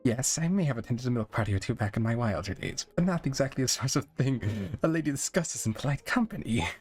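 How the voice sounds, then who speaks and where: A man's voice: mid-range voice, animated, quick pace, slightly rough, faint music behind, pitched above the performer's own voice. A man voicing a posh, dramatic adult mare who is a fashion designer, in a refined, theatrical manner. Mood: prim.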